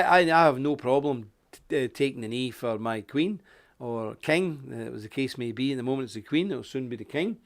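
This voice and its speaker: A middle-aged man with a Northern Irish accent, hosting a live online commentary, rambling and indignant as he reads from a paper and greets viewers. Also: mid-range voice. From Northern Ireland. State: coughing. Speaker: host.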